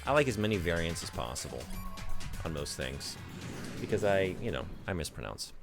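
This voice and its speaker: A man's voice: low voice, very animated, normal speed, over music. A man with a Southern US drawl chatting casually as a game streamer, rambling and self-deprecating. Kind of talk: casual gaming stream chat.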